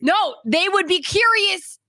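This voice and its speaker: A young woman with a New England accent co-hosting a podcast, talking in loud, laughing, swearing banter. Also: very high-pitched, expressive, a little slow, creaky, noisy background. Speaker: podcast co-host. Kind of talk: casual chat. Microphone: studio podcast mic.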